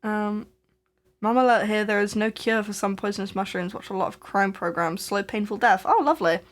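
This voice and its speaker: A woman's voice: mid-range voice, brisk. Young woman, crafting-stream co-host, chatty and giggly, casual anecdote delivery with frequent restarts. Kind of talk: casual storytelling chat. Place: home crafting live stream.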